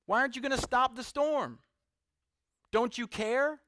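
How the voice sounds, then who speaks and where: A man's voice: very high voice, a little slow, slight background noise, pitched above the performer's own voice. A man preaching, putting on the voice of panicked disciples pleading in a storm. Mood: frantic. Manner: frantic, pleading shouts.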